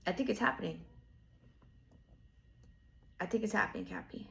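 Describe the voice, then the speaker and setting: A woman's voice: medium pitch, moderate pace, gravelly, long pauses, a bit bright, a little hiss or hum. A woman giving a casual tarot reading, rambling and full of filler words, with the odd swear. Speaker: tarot reader.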